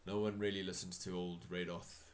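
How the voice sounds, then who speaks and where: A man's voice: deep voice, level tone, brisk, close to an everyday voice. A man voicing a worried old hermit who is shunned as crazy, speaking hesitantly and rambling gloomily. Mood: worried, gloomy.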